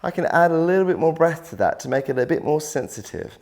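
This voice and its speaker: A man teaching singing in a video workshop, explaining clearly and encouragingly, step by step. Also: fairly high pitch, lively intonation, fast talker, few pauses, darkish tone. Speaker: vocal coach.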